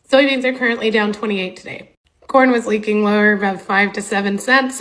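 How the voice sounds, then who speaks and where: A woman's voice: mid-range voice, fairly bright tone. A woman farmer speaking bluntly and matter-of-factly about prices and losses. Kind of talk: market commentary.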